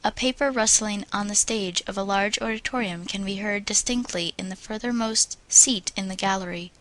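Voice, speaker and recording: A woman narrates an audiobook on public speaking in a mid-pitched voice. Her reading is measured and instructive, and she draws out vowel sounds in slow practice drills. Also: bright, forceful tone, low-quality recording.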